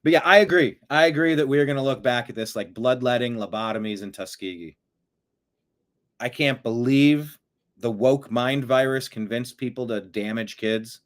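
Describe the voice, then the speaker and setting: A man's voice: medium pitch, moderate pace. A middle-aged man hosting an online political commentary show, blunt and sarcastic with rambling asides.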